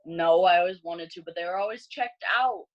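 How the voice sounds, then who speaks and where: A young woman in her late teens, a high school senior, chatting casually with a classmate and using many "like" fillers. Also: brisk, muffled recording. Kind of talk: casual chat between classmates.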